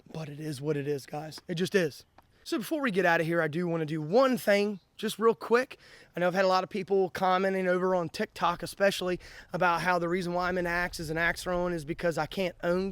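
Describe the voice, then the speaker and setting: A man's voice: sits high, no room sound. A man hosting an axe-throwing vlog, talking bluntly and in a worked-up way to camera, often repeating the same catchphrase. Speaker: axe-throwing channel host. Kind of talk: casual vlog talk to camera.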